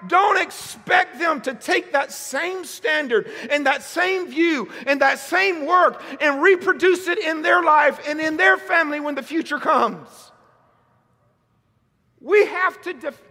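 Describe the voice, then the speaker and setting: A man preaching a sermon at a church service, fiery and shouting rhetorical questions. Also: extremely high pitch, measured pace, few pauses. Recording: long hall reverb.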